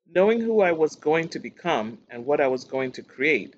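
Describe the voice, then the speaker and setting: Man reading print news aloud, higher voice with a lot of pitch movement, dull lo-fi recording. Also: normal speed. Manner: steady read-aloud delivery of quotes and narration. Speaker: news reader. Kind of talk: reading magazine articles aloud.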